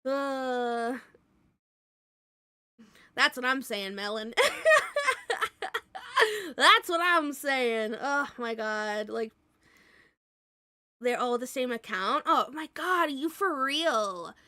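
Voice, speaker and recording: A woman's voice: high voice, animated, very slow, long pauses, bright, forceful tone, smooth, dry recording, studio quality. A young adult woman streaming live, chatting casually with viewers in a blunt way, swearing freely and laughing often.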